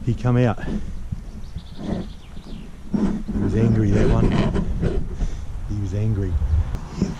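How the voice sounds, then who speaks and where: A man's voice: lowish voice, fairly even intonation, slow pace, long pauses. A New Zealand man vlogging outdoors, rowdy, swearing a lot and calling out to his mate. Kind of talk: outdoor vlog chat. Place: outdoors in the countryside. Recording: outdoors with clear background noise.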